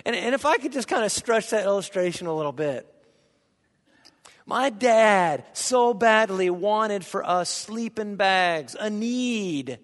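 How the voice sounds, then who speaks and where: Middle-aged male pastor from Indiana, high voice, animated anecdotal sermon delivery, reverberant hall. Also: slow pace. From Indiana, USA. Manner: lively anecdotal storyteller, jokes with the audience. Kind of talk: storytelling sermon. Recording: long reverb of a large hall.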